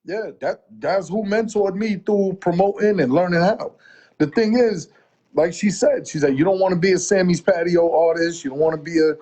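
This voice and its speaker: This interview guest, a husky-voiced middle-aged music promoter whose pitch is on the high side, rambles through animated stories in casual conversation, dropping in quoted asides.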